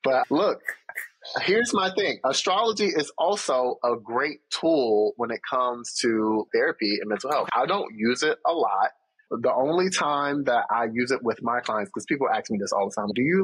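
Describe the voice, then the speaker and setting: A man's voice: medium pitch, lively intonation, normal speed, a bit bright, slightly rough, poor audio. A man, a therapist, talking in a casual chat with a confident, teasing, explanatory manner. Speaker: therapist, guest.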